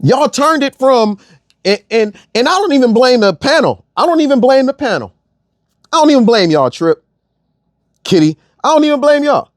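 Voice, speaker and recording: A young man rants bluntly and profanely, hammering his points through repetition. His voice sits high for a man and swings widely in pitch. The recording is close and dry. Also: lively intonation, normal speed, dry recording. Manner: repeats phrases for emphasis. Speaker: online commentator. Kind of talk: ranting monologue.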